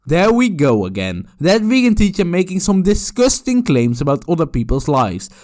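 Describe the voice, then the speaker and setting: A man gives mocking reaction commentary in a sarcastic, profane tone. His voice swings widely in pitch and sits a little high. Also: sing-song, normal speed, a little mellow.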